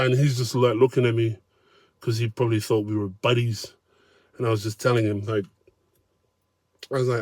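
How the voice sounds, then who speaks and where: A man's voice: medium pitch, flat delivery, normal speed, long pauses, darkish tone, no echo. A man telling a casual, profane story in a blunt, conversational way.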